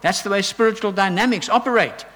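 A man's voice: high voice, fast talker, fairly bright tone. A man preaching a sermon in an earnest, exhortative way, rising to emphatic peaks. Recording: long hall reverb.

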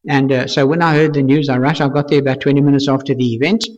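A man's voice: medium pitch, steady tone, fast, darkish tone. An older man, a pastor telling a testimony in earnest, storytelling fashion, repeating phrases for emphasis. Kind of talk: testimony sermon. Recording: echoey hall, dull lo-fi sound.

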